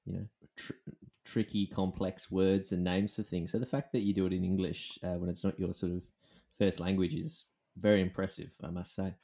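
A man hosting a podcast, asking questions in a relaxed, joking way. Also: sits low, normal speed, gravelly. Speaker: podcast host. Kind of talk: casual conversation.

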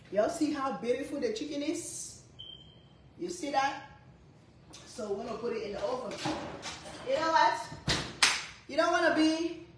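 A woman and mother chatting casually to camera, lecturing her kids in a half-joking, animated way with lots of repetition. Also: fairly high pitch. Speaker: cooking vlogger and mother. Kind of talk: casual family chat to camera. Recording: echoey room, faint background noise.

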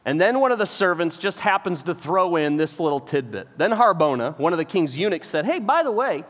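A pastor, giving an animated sermon, acting out the characters in the story and often repeating words as he starts a phrase. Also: fairly high pitch, brisk. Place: church auditorium. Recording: reverberant church hall.

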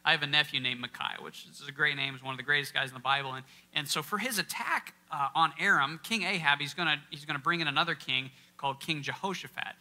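Bright-voiced man teaching a Bible lesson. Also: on the high side, quick pace, hardly any pauses. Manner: conversational, quizzes the audience, stresses key words. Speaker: workshop speaker. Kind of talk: interactive Bible teaching talk. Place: church hall, before a live audience.

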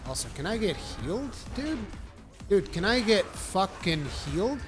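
A man giving live gameplay commentary, with brash, profane trash talk at his teammates and sudden excited shouting. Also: sits high, unhurried. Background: game music.

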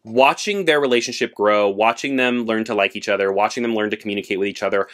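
A man chatting casually about books he read this month, expressive and full of fillers, with lively jumps in pitch when he gets excited. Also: quick pace. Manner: frequent fillers like "like" and restarts. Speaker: book vlogger. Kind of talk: casual book review chat.

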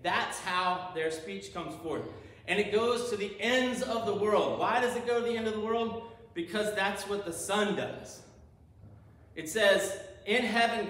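A man's voice: high-pitched, a bit bright. A male pastor preaching a sermon, eagerly explaining Hebrew words and asking rhetorical questions. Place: church sanctuary. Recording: roomy, distant church sound.

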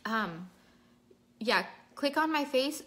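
A woman's voice: sits high, animated, takes it slowly, fairly bright tone. A woman hosting a casual livestream makeup tutorial at home, chatting and reading out viewers' names while she works. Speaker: makeup vlogger.

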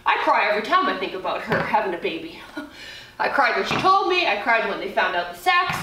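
A woman's voice: mid-range voice, big pitch swings, fairly quick, background noise. A woman in her forties leading a dumbbell workout, chatting casually, laughing often and swearing now and then. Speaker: fitness trainer. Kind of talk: workout instruction with casual chat. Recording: roomy echo, voice from a distance.

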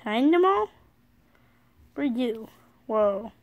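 Young girl, casual vlog, slightly high voice, unhurried speech, excitable, apologetic. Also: lo-fi sound. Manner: excitable, reads names aloud, frequent apologies. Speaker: vlogger. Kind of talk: casual card-opening vlog. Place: sitting on her bed at home.

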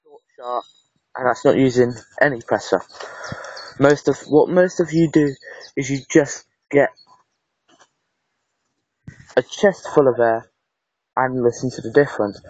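A man's voice: medium pitch, a little mellow, dry recording. A man with a northern English accent casually explaining referee whistle techniques in a how-to video. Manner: plain, halting explanations. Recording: dull lo-fi home mic.

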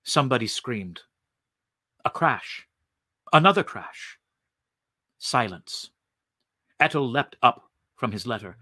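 A man reading a story aloud in an expressive narrating voice. He speaks slowly with a lively, bright, slightly high tone. The sound is dry and close, with no room echo. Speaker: reader.

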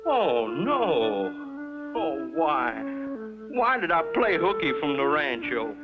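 A man's voice: fairly high pitch, big pitch swings, takes it slowly. A man voicing a worried middle-aged rancher father who talks in a fretful, pleading way, on a lo-fi 1950s cartoon soundtrack. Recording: dull lo-fi 1950s TV soundtrack with music.

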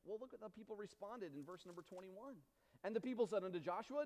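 A man preaching a sermon as pastor, impassioned, swinging between loud slow emphatic lines and soft quiet drops. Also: sits high, expressive. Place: church sanctuary. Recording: reverberant church hall.

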